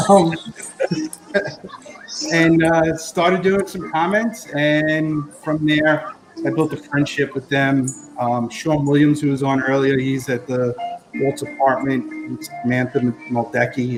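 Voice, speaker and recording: A Florida man appears on a live stream as a guest food correspondent, rambling casually about dishes while eating them, with lots of ums and uhs. His voice is on the high side, and the recording is low quality.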